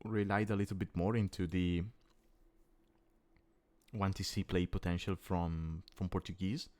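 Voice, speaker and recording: Low-voiced caster. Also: male voice, flat delivery, measured pace, a little mellow. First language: Italian. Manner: thinking aloud, restarting words mid-phrase. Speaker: esports caster. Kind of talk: live strategy game commentary.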